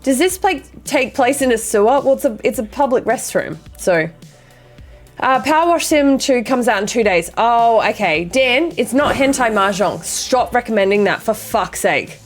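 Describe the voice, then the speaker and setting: A young woman streaming a game, chatting excitedly with chat and swearing freely. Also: fairly high pitch, moderate pace, faint music behind. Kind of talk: casual live-stream chat.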